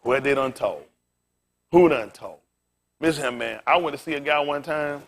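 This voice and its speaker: Man, pastor, middle-aged, high voice, animated preaching, laughing outbursts. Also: moderate pace, vocal fry. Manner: animated, laughing, loud bursts. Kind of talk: preaching with storytelling.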